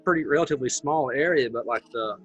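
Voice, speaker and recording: A man hosting a casual podcast interview, asking open questions in a relaxed way and often saying "you know". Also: medium pitch, quick pace, slightly rough, lo-fi sound, soft background music. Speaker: podcast host.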